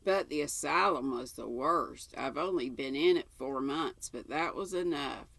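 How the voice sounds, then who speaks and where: A woman's voice: deep voice, measured pace, creaky, a bit bright, dry recording, heavily acted. An older woman reading aloud and voicing a chatty, imaginative orphan girl in a breathless, eager, rambling way. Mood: eager chatter.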